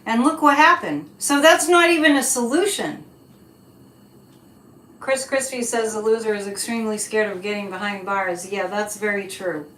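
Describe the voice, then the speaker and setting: A woman's voice: mid-range voice, a bit bright, a little hiss or hum. A woman hosting a psychic livestream in casual chat, reading viewer comments and speaking in an indignant, emphatic way. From United States. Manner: indignant, emphatic, slow and deliberate. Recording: echoey room.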